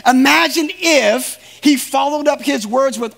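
A man's voice: extremely high pitch, unhurried, vocal fry, few pauses, fairly bright tone. A man preaching a sermon in an earnest, emphatic way, speaking straight to his listeners.

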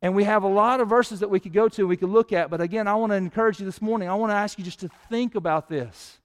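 A man preaching a sermon as pastor, his voice swelling louder and higher when he prays. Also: fast talker.

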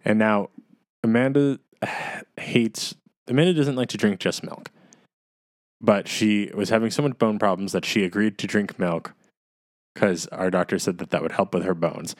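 Young guy podcasting, kinda low voice, dry close mic, laughs a lot. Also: moderate pace, dry recording. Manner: animated storyteller, quotes others, laughs easily. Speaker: podcast host. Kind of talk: casual chat.

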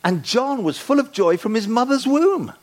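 A man in his sixties preaching a sermon in a church, playful and animated, acting out the voices he quotes. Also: very high-pitched, moderate pace. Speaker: guest preacher.

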